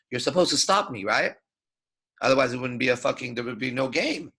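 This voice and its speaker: A man's voice: mid-range voice, lively intonation, fairly quick, pushed and bright, slightly rough. A man giving an unscripted lecture as a dating coach, talking in a swaggering, profane, emphatic way.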